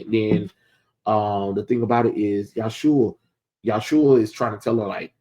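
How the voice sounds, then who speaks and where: Man, comic reviewer, casual recap, somewhat low voice, loose rambling delivery. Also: moderate pace, mellow, breathy edge. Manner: loose storytelling, quotes characters casually with many fillers.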